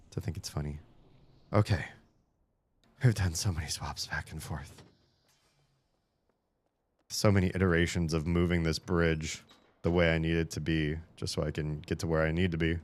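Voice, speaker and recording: A man with a very low voice talks his way through a puzzle game on a live stream. He rambles, pokes fun at himself and curses when stuck. He jumps into high, excited shouts when a puzzle finally works. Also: moderate pace, pauses often. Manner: rambling, self-mocking, swears when frustrated; bursts into high excited shouts at small wins. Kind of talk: live gameplay commentary.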